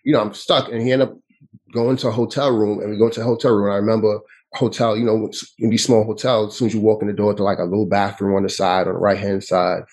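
A man, telling a personal story as an interview guest, with halting speech that often restarts and repeats. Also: fairly low pitch, little pitch movement, a little mellow, slightly rough, poor audio. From New York City. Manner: halting, with frequent restarts and repetitions.

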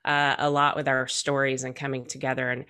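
A woman's voice: extremely low pitch, flat delivery, brisk, bright, forceful tone, smooth. A woman hosting a podcast interview, encouraging and affirming her guest in casual chat. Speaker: podcast host.

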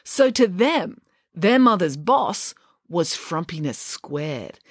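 A woman reading a children's story aloud with a wry, expressive delivery. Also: on the low side, takes it slowly, dry recording, clean studio sound. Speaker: narrator.

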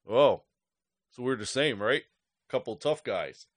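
With an animated, mid-range voice and a slightly slow delivery, a man hosting a sports fan show rants furiously, cursing a lot and rambling off the cuff. It's a clean studio recording free of echo.

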